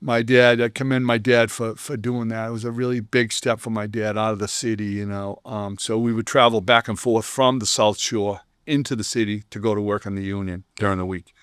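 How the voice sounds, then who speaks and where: A man's voice: lowish voice, a little fast, few pauses, clean tone, no room sound, clean studio sound. An older man, a roofing business owner telling stories in a casual interview and acting out the people he quotes. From Boston area. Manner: animated storyteller who acts out quoted people. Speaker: roofing company owner, guest.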